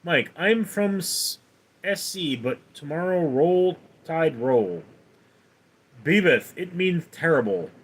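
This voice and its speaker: A man hosts a casual livestream, reading viewers' questions from the chat aloud and answering them. He talks slowly, and his fairly high voice swings widely in pitch. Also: expressive, slightly rough. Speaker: livestream host.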